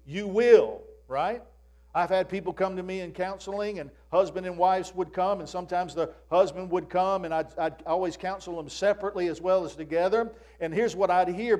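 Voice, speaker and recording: A man's voice: sits high, a little mellow. A male pastor preaching a sermon in a folksy way, often asking his listeners "Amen?". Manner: preaching with repeated call-and-response "Amen?"; folksy, addresses listeners as "friend".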